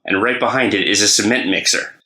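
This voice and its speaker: A man on a podcast, telling a story in a lively, animated way. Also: fairly low pitch, a little fast, echoey room. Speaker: podcast player.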